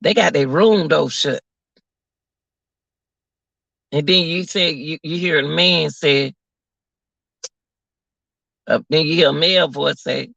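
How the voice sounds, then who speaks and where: A man gives casual live commentary, incredulous and repetitive as he addresses his viewers. His voice is gravelly with a bright, cutting tone. The recording is dry, dull and lo-fi. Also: on the high side, no room sound. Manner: incredulous, repeats phrases, talks to viewers as y'all. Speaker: commentary vlogger. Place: at work, away from home. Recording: dull lo-fi audio.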